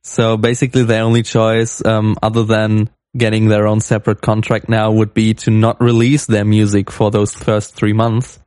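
A man's voice: lowish voice, completely flat delivery, normal speed, few pauses, a little mellow, smooth, no room sound, clean studio sound. A man co-hosting a casual tech podcast, thoughtful and a bit hesitant. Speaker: podcast co-host.

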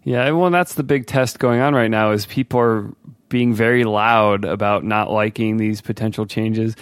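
A man with a smooth, resonant voice chats about tech on a podcast. He is relaxed and laughs easily. The recording is dry and close-miked. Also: fairly low pitch, normal speed, no room sound. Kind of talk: casual tech discussion.

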